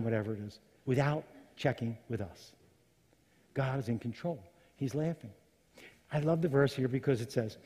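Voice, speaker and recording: A middle-aged man preaching a sermon, telling Bible stories with animated voices for the characters. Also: medium pitch, slightly rough. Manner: animated storytelling, acting out biblical characters. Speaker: pastor. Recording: long hall reverb.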